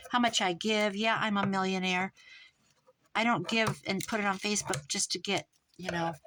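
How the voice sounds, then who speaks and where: A middle-aged American woman telling a long story in casual chat, rambling and animated, with restarts and quoted dialogue. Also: medium pitch, poor audio. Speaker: crafting vlogger.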